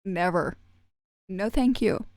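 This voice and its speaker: A woman streamer chatting casually with viewers, sarcastic and profane and quick to laugh. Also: mid-range voice, vocal fry, darkish tone, dry recording.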